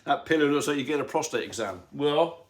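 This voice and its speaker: A middle-aged farmer who hosts his own channel chats casually on a live stream from the lounge of his home. His humour is dry and teasing, and he rambles. His voice is a little high, animated and fairly quick.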